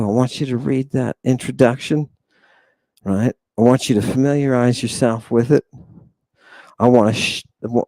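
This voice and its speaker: A man's voice: medium pitch, warm tone, dry recording. A man teaching a jokey livestream lesson, theatrical and playful, calling out to his viewers. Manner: theatrical, joking, addresses viewers as people. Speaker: online language teacher.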